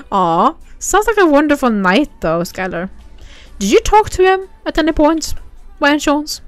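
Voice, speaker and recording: A woman's voice: high-pitched, very animated, measured pace, dry recording, faint music behind. A woman streaming a horse game, chatting casually with viewers and giggling often. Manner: giggly, chatty, reacts to chat. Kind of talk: casual livestream chat.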